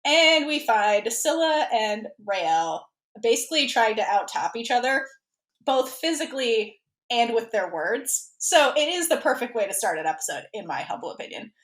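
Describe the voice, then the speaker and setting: A woman co-hosting a podcast in casual chat, chatty and quick to laugh. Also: a little high, animated, a bit bright, echoey room. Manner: giggly, chatty. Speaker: podcast co-host.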